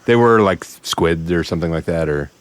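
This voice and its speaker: A man's voice: low-pitched, moderate pace, smooth, no echo. A man co-hosting a podcast, casually breaking down a film's scenes, laughing often and padding his points with "like". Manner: analytical, laughs often, hedges with "like". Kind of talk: casual film discussion.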